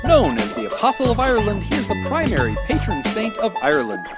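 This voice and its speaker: A man's voice: sits high, huge pitch swings, fast talker, over loud music, voice pushed up. A man voicing a hammy pirate-sounding Irish announcer reading a sponsor spot. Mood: hammy sing-song. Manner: sing-song, hammy. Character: jolly Irish-leaning male pirate-ish announcer.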